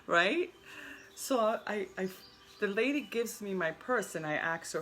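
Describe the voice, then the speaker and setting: A woman's voice: medium pitch, normal speed, fairly bright tone, a little hiss or hum. A woman telling an earnest personal story in a casual vlog, often repeating and restarting her words. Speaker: spiritual vlogger.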